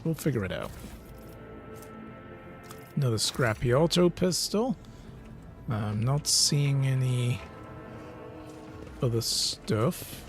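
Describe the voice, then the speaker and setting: A man streaming a video game, reacting excitedly and reading in-game text aloud. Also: mid-range voice. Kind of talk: let's play commentary.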